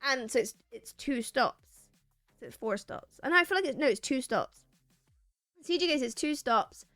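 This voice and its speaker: Animated woman streamer telling stories. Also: sits high, moderate pace, dry recording, faint music behind. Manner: animated, acts out quoted lines, rambling restarts. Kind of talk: casual storytelling to chat.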